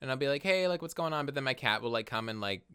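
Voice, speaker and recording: Bright, clear-voiced young man chatting. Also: racing. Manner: expressive, swings into high playful voices when quoting. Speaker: podcast co-host. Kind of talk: casual podcast chat.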